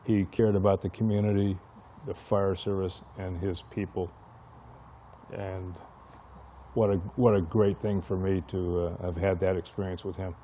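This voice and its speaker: Older man, retired fire chief, low voice, mellow tone, storytelling interview, acts out remembered dialogue. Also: level tone, unhurried, slight background noise. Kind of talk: oral history interview.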